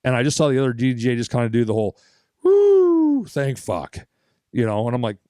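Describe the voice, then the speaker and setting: A man's voice: medium pitch, fairly even intonation, rapid-fire, darkish tone, clean tone, no echo, studio quality. A young man co-hosting a podcast, telling a long story in a casual, profane way and acting out other people's lines. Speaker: podcast co-host.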